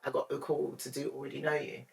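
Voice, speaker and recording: A woman co-hosting a podcast talks in a relaxed, chatty way, spinning out stories from her own life. Her voice sits a little away from the microphone. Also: a bass voice, quick pace, creaky, far from the mic. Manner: chatty, storytelling. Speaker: podcast co-host. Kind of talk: casual chat.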